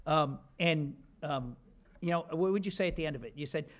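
A man's voice: on the high side, brisk, noisy background. A man in his fifties giving a rambling, self-deprecating acceptance speech with many restarts.

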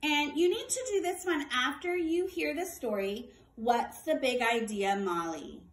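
A woman teaching a kindergarten workbook lesson, talking slowly and clearly in a sing-song way and prompting children to repeat words. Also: sits high, expressive, echoey room. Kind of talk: distance-learning workbook lesson for young children.

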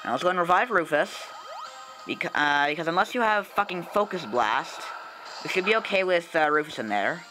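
A young man hosting a casual let's play, commenting on his game in an excitable, joking, profane way. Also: fairly high pitch, fairly quick, music in the background.

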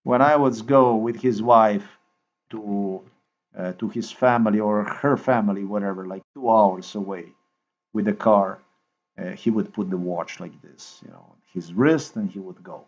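A man with a lowish voice tells a meandering story, circling back on the same points and cursing often. The sound is dull and lo-fi, with muffled top end. His delivery is loose and excitable. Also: unhurried. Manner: repetitive, profane, excitable storytelling. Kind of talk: rambling casual monologue. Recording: dull lo-fi recording.

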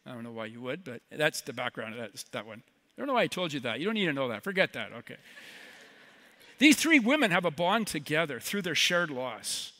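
A man's voice: fairly high pitch, big pitch swings, fairly quick, sharp tone. A man preaching a sermon as a guest speaker, conversational and joking with the congregation in between. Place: church sanctuary.

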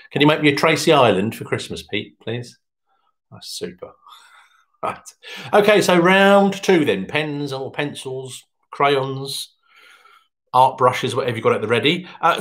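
A man hosting an online pub quiz, reading answers in a chatty, jokey way. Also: fairly bright tone. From England. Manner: chatty, jokey, pitch jumps up when announcing. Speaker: quiz host.

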